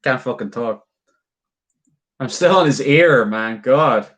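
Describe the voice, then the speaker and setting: A man's voice: mid-range voice, animated, slow, a bit bright. A man chatting casually with live viewers while he carves, rambling, swearing freely, and laughing often. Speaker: livestreamer.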